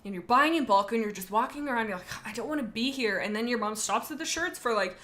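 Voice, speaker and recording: Young female streamer, casual chat; crisp bright tone, pitched a touch high, rambling storyteller. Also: fast. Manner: rambling and animated, tells stories with asides.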